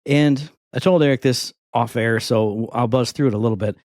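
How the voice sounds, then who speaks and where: A man's voice: medium pitch, moderate pace, dry recording. Laid-back man in his thirties, podcast co-host, rambly storyteller, dry close sound. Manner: rambling, animated storytelling with voiced asides. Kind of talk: casual chat.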